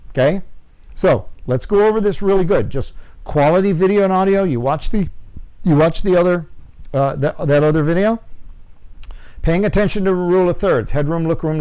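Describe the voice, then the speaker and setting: A man with a slightly higher voice teaches a lesson from a small studio, speaking into a clip-on lapel mic. He stresses points by repeating them and keeps checking in with students by asking "okay?". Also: lively intonation, normal speed, warm tone. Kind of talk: video production lesson to students.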